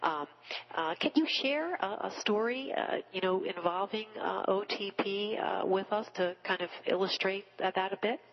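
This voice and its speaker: A woman hosting an interview, asking halting questions full of fillers. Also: mid-range voice, muffled recording. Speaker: interview host. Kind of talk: radio interview.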